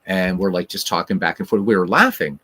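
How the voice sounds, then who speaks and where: A man's voice: deep voice, a little fast, pushed and bright. A man hosting a podcast in casual chat, rambling and drifting off on tangents. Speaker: podcast host.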